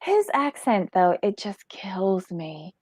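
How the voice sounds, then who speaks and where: A woman's voice: mid-range voice, big pitch swings, slow pace, darkish tone, slightly rough, no echo. A woman hosting a casual commentary chat about a reality show, reading the live chat aloud. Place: in Florida.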